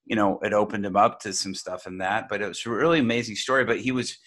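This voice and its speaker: A man with a fairly low voice tells a long personal story to an interviewer. He talks loosely and conversationally, circling back with restarts and fillers as he goes. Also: fairly even intonation, fast talker, fairly bright tone. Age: adult. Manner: rambling, many fillers and restarts. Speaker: guest sharing a personal faith story.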